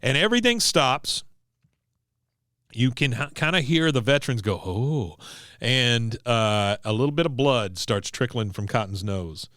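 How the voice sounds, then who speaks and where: A man hosting a podcast, recapping an episode in a casual, animated way. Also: mid-range voice, moderate pace, no echo, clean studio sound. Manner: animated, laughing storyteller. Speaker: podcast host.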